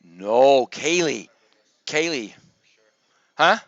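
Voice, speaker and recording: A man teaching a circuits review session, talking loudly, joking with students and coaxing them by name. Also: medium pitch, expressive, very slow, no room sound. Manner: loud, projects voice to the room. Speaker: engineering professor. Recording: dull lo-fi, dry sound.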